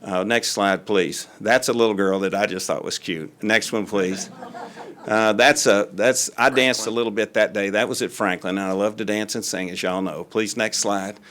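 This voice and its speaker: An older man with a drawl talks to a city board in a fairly low voice. He is folksy and rambling and leans on plenty of "uh"s between thoughts. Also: fairly even intonation, moderate pace, a bit bright. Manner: folksy and rambling, with frequent fillers. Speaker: school superintendent. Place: city council meeting room.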